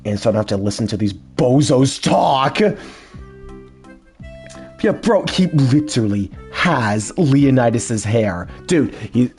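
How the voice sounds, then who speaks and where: A man's voice: mid-range voice, expressive, slow pace, darkish tone, soft background music. A young man doing casual, rambling, giddy gaming commentary between dub lines. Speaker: fan dubber and let's player.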